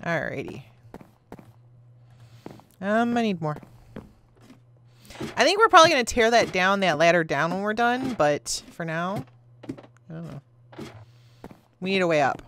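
Chatty woman with a lively, swooping voice. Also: on the low side, a little slow, long pauses, slight background noise. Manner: chatty, rambling storyteller who laughs often. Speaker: gaming video host. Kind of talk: casual chat while playing a game.

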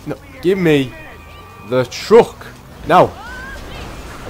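A man's voice: medium pitch, animated, moderate pace, soft background music. A man commentating his own gameplay, exclaiming and muttering to himself in bursts. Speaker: gameplay streamer.

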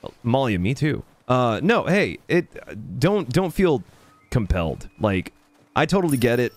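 A man's voice: medium pitch, big pitch swings, measured pace. A man chatting casually on a live stream while playing a game, thanking viewers by name. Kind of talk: casual live-stream chat over gameplay.

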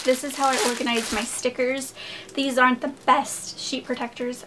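In a very noisy clip, a young woman with a fairly high voice chats casually about her haul, gushing with enthusiasm and calling her viewers "you guys."

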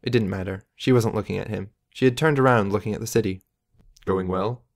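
Male audiobook narrator, measured and low. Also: creaky. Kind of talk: scripted narration.

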